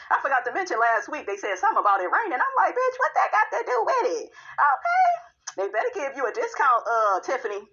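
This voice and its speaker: A woman's voice: a little high, bright, forceful tone, dull audio. A woman giving a sassy, casual recap of a reality show, tossing in "honey" and "okay" all the time.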